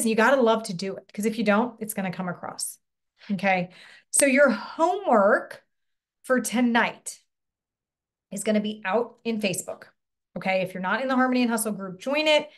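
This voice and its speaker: A woman business coach talks through a live online lesson in a loose, conversational way. Her voice sits a little high, and she keeps checking in with her listeners with quick questions and the odd mild curse. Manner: casual, chatty, swears lightly, asks the audience questions.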